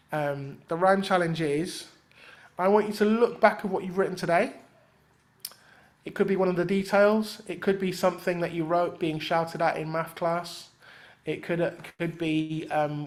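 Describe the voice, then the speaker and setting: A man with a slightly high voice teaches a rap workshop in a relaxed, chatty way. He drops in rhythmic examples and often pauses on "um". It sounds like an easygoing class. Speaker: workshop leader and rapper. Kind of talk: casual teaching talk.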